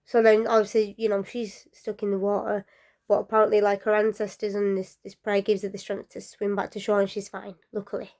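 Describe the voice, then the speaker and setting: A woman telling folklore stories casually, chatty and rambling with asides and fillers, often dropping to a soft near-whisper. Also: medium pitch, flat delivery, fairly quick. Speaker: storyteller.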